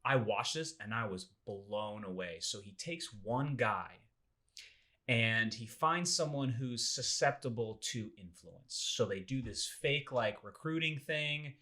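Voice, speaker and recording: Young male podcast host, casual storyteller, voice swings up and down a lot, mid pitch. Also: unhurried. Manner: animated, acts out quoted people with big pitch jumps.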